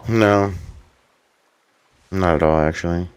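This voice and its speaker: A man's voice: low-pitched, slow pace, clear, resonant tone, dry recording. A man hosting a stream, talking in a rambling, offhand way and swearing casually. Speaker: streamer host. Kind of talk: casual gameplay commentary.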